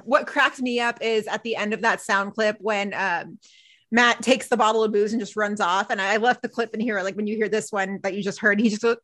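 A woman co-hosting a podcast, recapping a TV episode in casual chat, animated and laughing often as she acts out characters' lines. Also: a little high. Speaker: podcast co-host.

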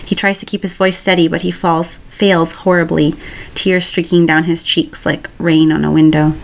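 A woman reading a romance story aloud in a calm, even storytelling voice. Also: on the low side, moderate pace, creaky. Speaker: story reader. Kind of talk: reading fan fiction aloud.

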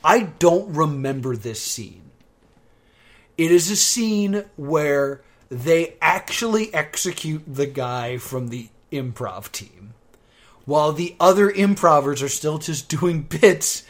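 Guy podcasting about a tv show, slow drawl, gets loud acting out scenes. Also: fairly high pitch. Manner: animated retelling, bursts into loud quoted exclamations. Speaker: podcast co-host. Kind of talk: casual chat recapping a TV show.

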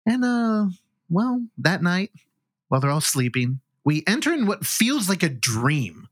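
Animated, fairly high-voiced man recapping a film. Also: measured pace, no echo. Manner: animated plot recap with joking asides. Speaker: film podcast host. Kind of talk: casual film review chat.

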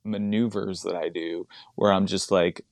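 A man's voice: deep voice, steady tone, measured pace, no echo. A man who does stand-up comedy, chatting casually on a podcast, rambling and laughing often as he digresses.

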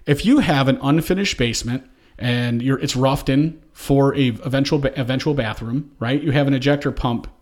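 A middle-aged man hosting a podcast from his home basement studio, telling a story with energy and acting out his own shouting. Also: medium pitch, moderate pace. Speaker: podcast host. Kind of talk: casual chat.

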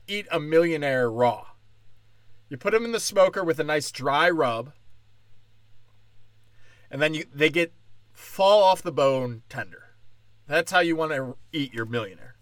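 A man's voice: fairly high pitch, a bit bright, dry recording. A man doing a sarcastic, rambling, profane stand-up comedy rant.

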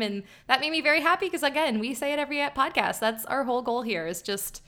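A woman from the American Midwest co-hosting a podcast, bubbly and enthusiastic, quick to laugh. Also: high voice, expressive, sharp tone. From Midwest United States. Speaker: podcast co-host. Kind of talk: casual chat.

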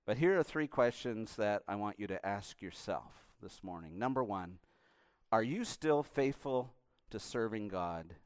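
A male pastor preaching a sermon with passion, swinging between hushed and loud passages. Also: on the low side, lively intonation, a little slow, smooth, no echo, clean studio sound.

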